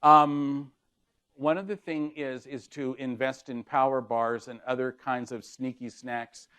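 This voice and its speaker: A man's voice: mid-range voice, steady tone, unhurried, a bit bright, smooth. Man, 60s, keynote speaker. Anecdotal delivery, dry humor, plays out dialogue. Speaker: keynote speaker on leadership communication.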